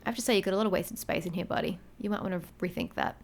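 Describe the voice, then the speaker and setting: A woman's voice: on the low side, very fast, gravelly, few pauses. A woman giving casual gaming commentary, chatty and swearing freely as she reads game text aloud. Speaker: gamer.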